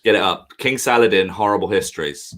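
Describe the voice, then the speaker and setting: Stream co-host, man, very deep low voice, rambling, sweary. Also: a little fast, a bit bright. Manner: rambling, swearing, self-mocking. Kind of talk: casual chat, storytelling.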